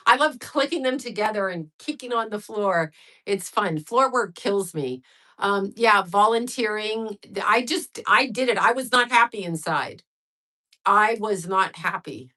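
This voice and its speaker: A woman's voice: mid-range voice, animated, a little slow, pushed and bright, low-quality recording. Candid, rambling woman in her sixties. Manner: candid, rambling, profane, answers chat messages. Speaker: livestream host. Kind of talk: casual livestream chat.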